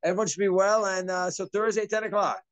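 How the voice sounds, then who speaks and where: Animated rabbi teaching a class. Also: male voice, high-pitched, a crowd in the background. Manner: animated, quick, acts out scenes in asides. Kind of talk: informal Torah class.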